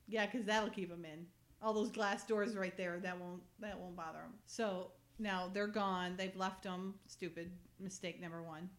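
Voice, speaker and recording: A woman's voice: fairly low pitch, steady tone, moderate pace. Giggly woman recapping a TV episode. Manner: chatty, giggly, reads script lines aloud. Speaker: podcast host. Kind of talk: casual chat recapping a TV episode.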